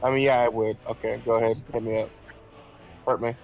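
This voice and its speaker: A man's voice: medium pitch, little pitch movement, a little fast, vocal fry, a little mellow. Offhand male tabletop player. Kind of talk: casual game talk.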